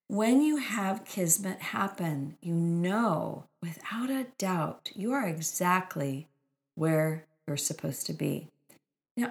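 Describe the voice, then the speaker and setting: A woman author telling personal stories in an earnest, spiritual, inspirational way, with gushing exclamations. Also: fairly low pitch. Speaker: author and speaker.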